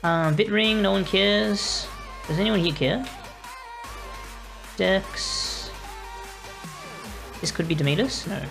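A woman's voice: mid-range voice, slow, vocal fry, long pauses, fairly bright tone, soft background music. A young Australian woman streaming a game, chatting to her viewers in a rambling, apologetic way. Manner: rambling, apologetic, talking to chat while playing. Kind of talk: casual live-stream chat.

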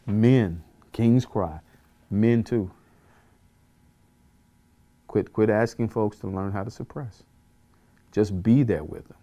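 A man's voice: lowish voice, mellow. A man, a pastor, teaching a Bible study in an earnest way, repeating phrases for emphasis and chuckling at himself.

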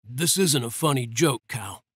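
A man's voice: medium pitch, expressive, a little slow, fairly bright tone, husky, dry recording, clean studio sound. Man doing a growling, short-tempered hero. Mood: growling low. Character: tense hot-tempered man, protective expectant father.

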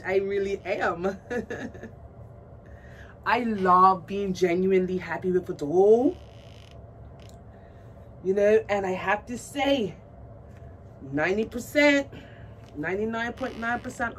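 A woman vlogging about her doll collection in a casual unboxing chat, gushing and excitable, cooing at a doll in baby talk. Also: on the low side. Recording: distant mic with faint background noise.

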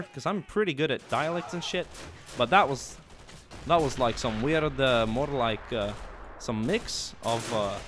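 A young man giving live commentary on a strategy war game, yelling and swearing at his troops one moment and muttering quietly the next. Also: mid-range voice. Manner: excitable, swears and yells at his units, drops to quiet mutters. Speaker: gameplay commentator.

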